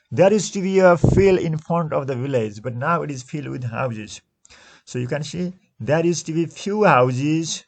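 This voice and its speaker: A male teacher going over textbook exercise answers slowly, repeating and correcting himself as he explains. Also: medium pitch, vocal fry, darkish tone, husky. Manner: slow, repetitive, restates answers with frequent self-corrections. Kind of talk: classroom lesson going through textbook exercises.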